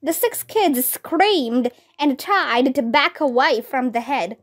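A woman with a high voice reads a children's mystery aloud, taking it slowly and carefully. Her narration stays even and measured, like a storybook reading for young listeners. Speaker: storybook reader.

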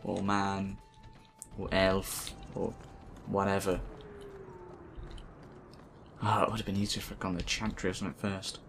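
A man's voice: low voice, level tone, unhurried, vocal fry, pauses often, fairly bright tone, soft background music. A man giving casual let's play commentary over a game, sarcastic and mumbling, with swearing. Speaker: gaming video host.

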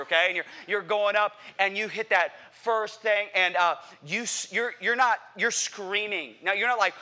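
A man preaching a sermon to a church congregation, animated and playful, asking the crowd questions and acting out what people say. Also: high voice, brisk. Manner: animated, playful, acts out quotes; addresses congregation directly with questions. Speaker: pastor. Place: church sanctuary.

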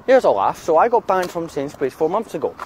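A man talks casually to the camera out in town, his slightly high voice swinging up and down as he vents. He swears constantly. Faint street noise sits behind him. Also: sing-song, fast, darkish tone. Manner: angry swearing rant. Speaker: vlogger. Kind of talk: casual vlog chat.

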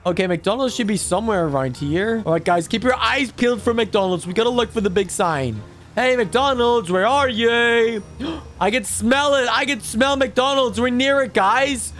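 Man doing a squeaky excitable toddler. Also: normal speed, soft background music. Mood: excited. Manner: high babyish voice, excitable gaming chatter. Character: mischievous toddler boy, excitable and greedy. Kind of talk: gameplay commentary in character.

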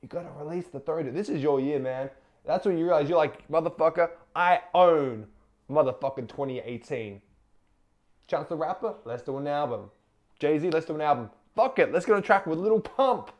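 Animated profane Australian man. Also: on the high side, brisk. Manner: animated, profane, rises to a shout when hyped. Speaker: music review co-host. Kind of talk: casual reaction chat.

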